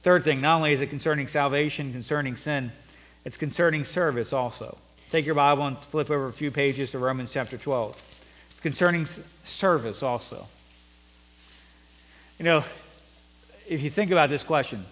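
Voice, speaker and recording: A male pastor preaching a sermon, rising to loud emphatic peaks and dropping to low, quiet passages. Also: moderate pace, long pauses, big-room sound.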